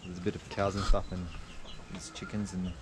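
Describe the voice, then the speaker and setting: A man's voice: low voice, flat delivery, a little fast. Chatty man vlogging on a noisy farm. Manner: chatty, curious, asks many questions. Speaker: travel vlogger. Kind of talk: casual vlog narration. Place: outdoors on a village farm. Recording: noisy outdoor camera audio.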